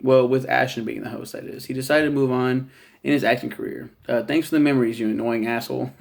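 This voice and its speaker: A man's voice: mid-range voice, fairly even intonation, fast, creaky. A man casually reviewing a TV show in a rambling, profane monologue, laughing at his own jokes.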